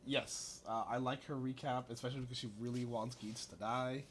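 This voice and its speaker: A man's voice: mid-range voice, steady tone, brisk. Man hosting, voice still recovering. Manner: rambling, many restarts. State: recovering from lost voice. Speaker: podcast host. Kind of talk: casual chat.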